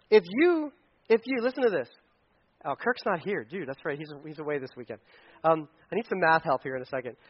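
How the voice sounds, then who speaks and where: A man's voice: a little high, animated, a little fast, husky. A man preaching a casual, joking sermon to parents, acting out little scenes in funny voices. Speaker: pastor speaking to parents. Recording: dull lo-fi sound.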